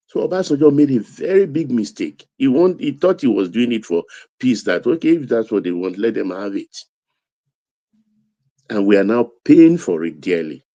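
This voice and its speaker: A Nigerian-accented man talking politics in a low, dark voice. He drives his points home with emphatic repetition. The sound is dry and close. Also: no room sound, muffled recording. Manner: emphatic, building to raised intensity. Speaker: political commentator. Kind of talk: political commentary.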